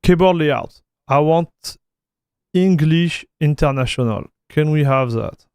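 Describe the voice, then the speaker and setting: Slow-talking French-accented man streaming. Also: a little high, a little mellow, smooth, no echo, clean studio sound. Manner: loose and chatty, with many fillers and repeated words. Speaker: tech streamer. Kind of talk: casual livestream chat while installing software.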